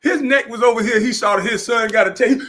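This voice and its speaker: A man's voice: very high voice, fast, bright, forceful tone. A man in his forties, a former basketball player, ranting in a mocking, profane way, laughing as he talks and acting out the people he quotes. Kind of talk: animated profane rant.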